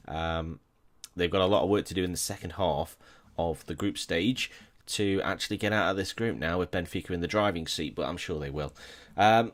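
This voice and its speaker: Deep-voiced chatty man. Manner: chatty, self-correcting, wry asides. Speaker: gaming YouTuber. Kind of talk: casual game commentary.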